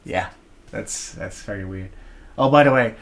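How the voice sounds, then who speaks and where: A man's voice: fairly low pitch, unhurried, a little hiss or hum. A young Dutch man, Dutch his first language, co-hosting a casual livestream and rambling with many restarts. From Netherlands. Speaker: vlog co-host.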